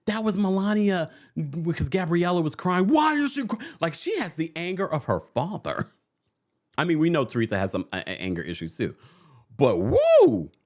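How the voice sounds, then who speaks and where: On the high side in pitch, a man moves at a moderate pace through a casual reality TV recap. Animated, he speaks to his audience, dramatizes quotes, and reads viewer comments out loud.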